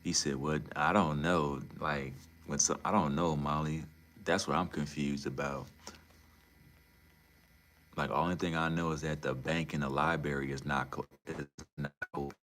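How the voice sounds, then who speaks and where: A young man chatting casually on a livestream, animated and profane, swinging between low mutters and loud incredulous outbursts. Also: moderate pace, a little hiss or hum.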